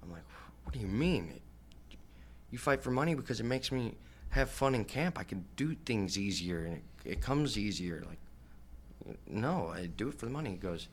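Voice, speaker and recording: A young professional fighter, a man, telling stories from his career in a casual podcast interview, animated and swearing, acting out the voices of the people he quotes. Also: on the low side, normal speed, a little hiss or hum. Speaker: professional MMA fighter guest.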